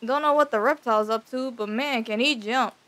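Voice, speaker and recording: High-voiced young woman teasing a game. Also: a little fast, a bit bright. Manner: teasing, joking, banters with game characters. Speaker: streamer. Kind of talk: casual gameplay commentary. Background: game music.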